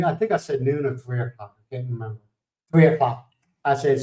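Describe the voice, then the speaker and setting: A man's voice: medium pitch, a little mellow, roomy sound, distant mic, poor audio. A man from the United States hosting a livestream, chatting casually, telling rambling stories, laughing and greeting viewers by name. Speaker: livestream host. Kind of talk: casual chat.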